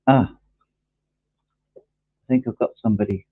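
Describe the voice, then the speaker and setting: A man's voice: medium pitch, fairly even intonation, normal speed, dry recording, phone-quality sound. A man hosting a livestream quiz, flustered and self-mocking, swearing casually as he chats. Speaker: quiz host.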